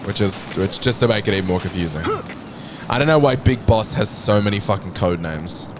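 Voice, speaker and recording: Guy streaming a game, crude jokey banter, lower voice bouncing all over, noisy background. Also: expressive, a little fast. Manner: joking, crude and swearing. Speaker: streamer playing a video game. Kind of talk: casual live-stream chat. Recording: clear background noise.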